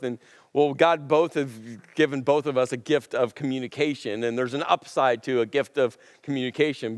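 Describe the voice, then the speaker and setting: A man pastor preaching a sermon in a conversational, animated way, acting out quotes. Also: medium pitch, clean tone, no echo.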